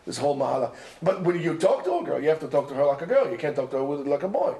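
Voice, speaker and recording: In an echoey lecture room, a yeshiva teacher with a high, gravelly voice delivers an animated, informal lecture at a very fast clip. He constantly says "you know" and "right?" and sprinkles in Hebrew and Yiddish words.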